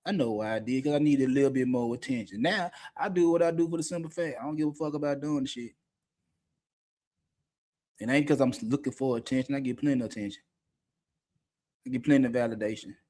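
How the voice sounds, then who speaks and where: A man's voice: mid-range voice, a little mellow. A middle-aged man talking candidly as a podcast co-host, blunt and profane, often laughing mid-sentence. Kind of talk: candid unscripted talk.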